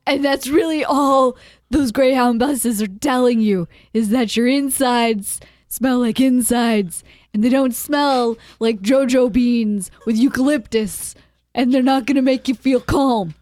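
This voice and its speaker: A woman co-hosting a comedy podcast, riffing on absurd answers in a deadpan way. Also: a little high, a little slow, no room sound. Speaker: podcast co-host. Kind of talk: casual comedy podcast chat.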